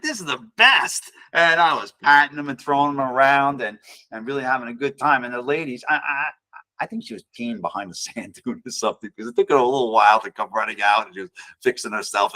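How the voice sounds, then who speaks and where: Man, guest speaker, rambling storyteller, wry sarcastic humor, mid-pitched voice. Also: fast talker, pushed and bright. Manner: rambling, self-correcting, acts out quoted voices. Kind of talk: personal storytelling talk.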